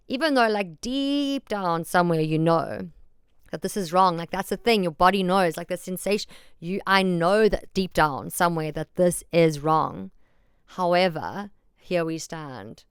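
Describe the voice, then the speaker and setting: A woman's voice: mid-range voice, fairly bright tone, smooth, no echo, studio quality. A woman hosting a solo podcast, talking candidly and emphatically, often repeating herself and swearing freely. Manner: frank and self-deprecating, swears freely. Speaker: podcast host.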